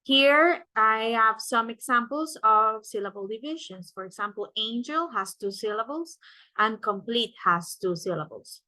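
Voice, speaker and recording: A woman's voice: a little high, expressive, unhurried, pushed and bright, dry recording, poor audio. A young adult woman teacher giving a recorded class lesson, explaining step by step and checking in with "right?" between points.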